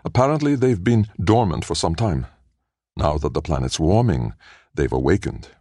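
An eager male scientist in an audiobook, played by a male narrator, his voice quivering with excitement. The tone sits very low and gravelly, with a lively melody. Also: a little fast, dry recording, clean studio sound, exaggerated voice. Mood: excited. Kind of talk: audiobook character voice.

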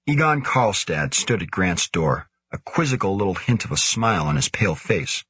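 A man narrating a science-fiction audiobook in a measured, steady way. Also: deep voice, slightly rough, no echo. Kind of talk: scripted narration.

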